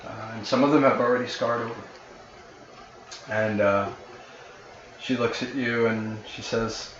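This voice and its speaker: A man's voice: mid-range voice, steady tone, measured pace, pauses often, a bit bright. A man runs a tabletop game and narrates the scene in a loose, conversational way, with many ums and restarts. His voice sits in the middle range. The sound is roomy and slightly muffled, with faint noise behind it. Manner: conversational, filler-heavy narration. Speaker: game master. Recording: roomy, slightly dull recording.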